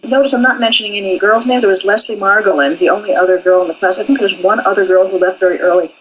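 A woman's voice: medium pitch, fairly even intonation, rapid-fire, fairly bright tone, husky, poor audio. An older woman, an animation professor, speaking candidly in an interview about her training. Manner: candid and forthright.

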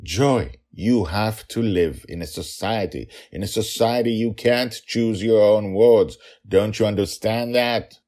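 A man voicing a hot-tempered pirate father who gets loud and insistent with his stubborn daughter in a fantasy audio story. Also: on the low side, wildly swooping pitch, normal speed, pitched above the performer's own voice, heavily acted. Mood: frustrated.

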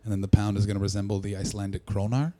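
Profane, mocking comic. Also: male voice, on the low side, flat delivery, very fast. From Canada. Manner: profane, mocking, loud bursts. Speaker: stand-up comedian. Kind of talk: crowd work stand-up.

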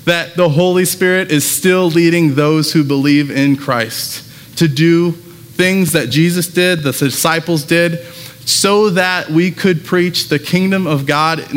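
A man's voice: fairly high pitch, fairly bright tone. A man preaching a sermon as pastor, talking casually and telling stories with lots of fillers, in a church. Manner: casual, conversational storytelling with many fillers. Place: church sanctuary. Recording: long hall reverb.

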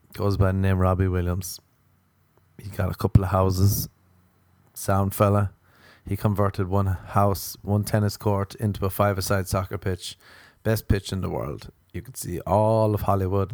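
A man's voice: low-pitched, a little mellow, no room sound. A man hosting a podcast, telling a rambling, crude, self-mocking comedic monologue. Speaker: podcast host.

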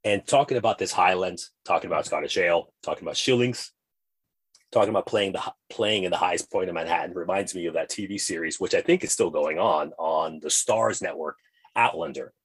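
A man's voice: deep voice, brisk, breathy edge. A man co-hosting a podcast, chatting casually and rambling from tangent to tangent in a playful way. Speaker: podcast co-host.

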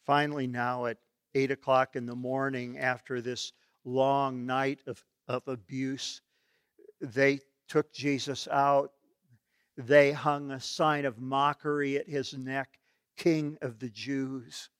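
A man's voice: mid-range voice, level tone, slow, a bit bright, smooth, no echo, studio quality. A man preaching a sermon, retelling a story in a vivid, solemn and dramatic way.

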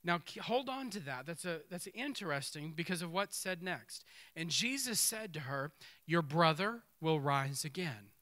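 A man preaching a sermon, reading scripture aloud and commenting on it in an animated way that acts out the people in the story. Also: a little high, normal speed. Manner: animated, acts out the speakers in the text.

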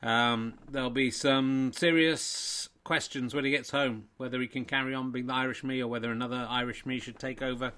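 A man's voice: medium pitch, steady tone, fairly quick, hardly any pauses, pushed and bright. A man hosting and giving a playful, self-mocking mock sports commentary.

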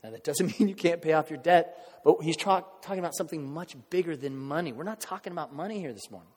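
A middle-aged man preaching a casual, conversational sermon, swinging from hushed asides to loud bursts as he acts out crowd reactions. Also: a little high, fast talker, husky. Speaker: pastor. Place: church sanctuary. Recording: long hall reverb.

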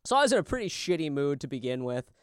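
A man from Minnesota tells a story on a podcast in a high, lively voice that leaps around as he acts out the people in it. The sound is dry and close, with no room around it. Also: quick pace, clear, resonant tone, dry recording. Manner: animated storytelling, acting out quoted voices. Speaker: podcast co-host. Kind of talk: casual podcast chat.

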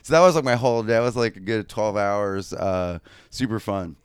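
A man's voice: on the low side, moderate pace, smooth, no echo, studio quality. Chatty, foul-mouthed man telling a story. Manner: animated, profane, rambling with many fillers. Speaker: podcast co-host. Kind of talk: casual storytelling.

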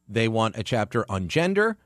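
Radio host, man from Canada, animated and sarcastic, dry studio sound. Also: lowish voice, normal speed, no echo. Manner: emphatic, sarcastic, lively delivery. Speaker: radio talk show host. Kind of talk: opinionated radio commentary.

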